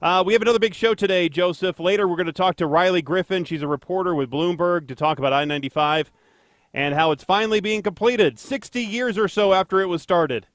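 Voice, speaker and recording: A man's voice: high voice, fast, no room sound. A man co-hosting a casual podcast, rambling and joking with lots of fillers and self-deprecating asides. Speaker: podcast co-host, traffic anchor.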